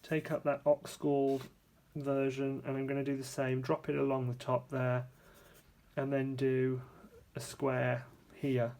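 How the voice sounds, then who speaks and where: A man giving a casual, hands-on painting tutorial, chatty and relaxed, thinking aloud and correcting himself as he works at a painting table. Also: mid-range voice, unhurried. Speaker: art supplies reviewer demonstrating paints.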